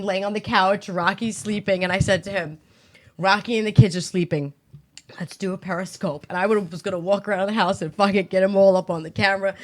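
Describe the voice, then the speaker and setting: A woman's voice: medium pitch, a bit bright. Chatty Long Island woman. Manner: chatty, storytelling, swears freely. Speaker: co-host. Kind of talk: casual chat.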